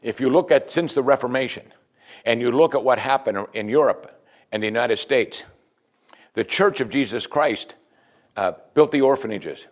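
A man's voice: mid-range voice, moderate pace. A man preaching a sermon as pastor in a conversational way, often saying "you see" and restarting his sentences.

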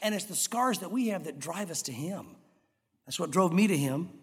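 Guy preaching in church, kinda high voice, lots of reverb, tells stories and does little voices. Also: moderate pace, slightly rough. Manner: animated storytelling, acts out voices. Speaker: pastor. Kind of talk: sermon. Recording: long reverb of a large hall.

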